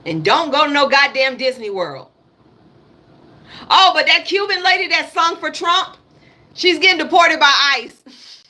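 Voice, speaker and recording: On her casual political livestream, a woman in her thirties rants in African American English, swearing and repeating her arguments. Her voice sits high and is expressive, bright, and forceful, moving a little slowly with frequent pauses.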